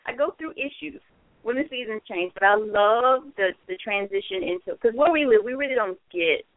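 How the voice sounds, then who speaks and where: A woman's voice: a little high, expressive, normal speed, no echo. A woman co-hosting a casual chat, gushing and repeating phrases, often laughing. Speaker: co-host. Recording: tinny phone line, dry.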